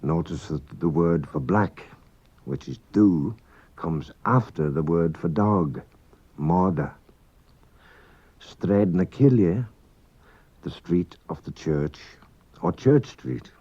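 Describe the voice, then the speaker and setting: A man teaches a language lesson over the radio, taking his time and speaking in a deep, low register. Every word is pronounced with slow precision. The sound is dull and lo-fi, like an old 1980s broadcast. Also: dark tone, slightly rough. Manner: slow, careful, precise pronunciation.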